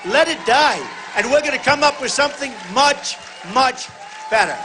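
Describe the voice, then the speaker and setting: A man giving a campaign rally speech on a stage microphone in a large venue. He speaks emphatically in short repeated phrases, often shouting to the crowd and calling them folks. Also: very high-pitched, moderate pace, background noise. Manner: talks directly to the audience, addressing them as folks. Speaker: political candidate speaking at a rally.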